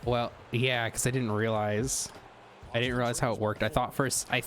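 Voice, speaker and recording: A young man chatting casually while playing a basketball video game, talking in a relaxed, low-effort way and laughing often. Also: normal speed, slight background noise. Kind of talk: casual chat while gaming.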